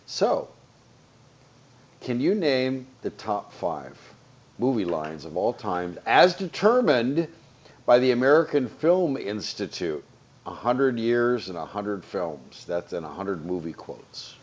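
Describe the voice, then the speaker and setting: A man with a low voice hosts a casual radio talk segment, reading out quotes. The sound is dull and lo-fi, like an older broadcast. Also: very animated, slow, darkish tone. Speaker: radio host.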